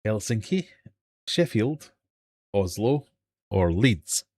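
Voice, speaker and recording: Male quiz host, slightly low voice, jokey and self-deprecating, live stream from home. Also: sing-song, slow pace, darkish tone, no room sound. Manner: jokey, self-mocking quizmaster. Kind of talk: live quiz hosting chat. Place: home fish room.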